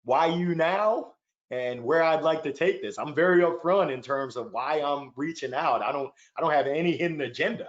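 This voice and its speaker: A sales leader appears as a panel guest in a webinar, heard over a video call, sounding upbeat and earnest. He often repeats words when starting a thought. His voice is a little high, and the recording is muffled.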